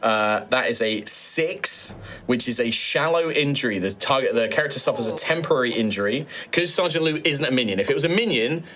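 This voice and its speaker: A man running a tabletop game as its game master. He explains the rules in a loose, chatty way, full of ums and uhs. His voice sits in a middle pitch. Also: a little fast. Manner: relaxed, chatty, lots of fillers.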